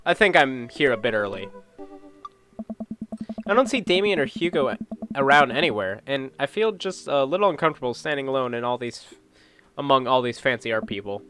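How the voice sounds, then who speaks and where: Lively joking man playing a game. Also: mid-range voice, fairly quick, soft background music. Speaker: let's play host. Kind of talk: game playthrough narration.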